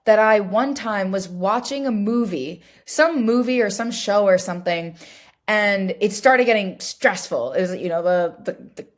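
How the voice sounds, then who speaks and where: A woman's voice: medium pitch, lively intonation, measured pace. Candid woman telling a personal story. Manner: reflective, candid, many "like" fillers and restarts. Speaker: podcast host. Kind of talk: solo podcast storytelling.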